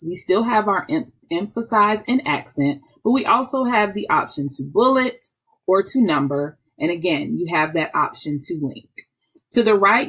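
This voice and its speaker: A woman, an instructional technology trainer, walking through software step by step in a patient, explaining way with small restarts. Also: on the low side, breathy edge. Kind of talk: screen-recorded software tutorial.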